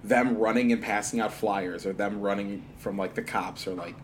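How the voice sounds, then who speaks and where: A man co-hosting a casual podcast talk about a film, lively and quick to laugh, acting out quotes with big jumps in pitch. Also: a little hiss or hum. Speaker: podcast co-host. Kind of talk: casual movie discussion.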